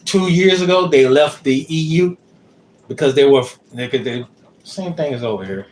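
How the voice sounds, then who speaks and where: On a livestream, a husband co-hosting with his wife chats casually, rambling and searching for words with plenty of fillers. His voice is mid-range and darkish at a normal speed, with slight background noise.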